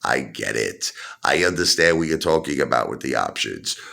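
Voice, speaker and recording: A middle-aged man ranting heatedly to his viewers about stocks, repeating himself and rising to shouts. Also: a bass voice, moderate pace, gravelly. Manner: animated, repetitive, rising to shouts. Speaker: stock market video host. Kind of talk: heated opinion rant.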